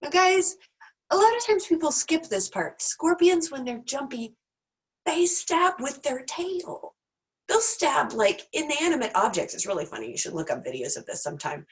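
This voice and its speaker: A woman's voice: sits high, big pitch swings, normal speed, rough recording. Teary, stuffy-nosed woman teaching candidly. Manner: candid, self-deprecating, rambling asides. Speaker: class teacher. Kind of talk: casual online class talk.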